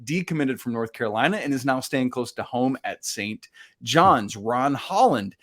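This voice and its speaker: A man's voice: mid-range voice, expressive, moderate pace, a bit bright. A man co-hosting a casual sports podcast, chatty and self-deprecating, laughing often. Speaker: podcast co-host.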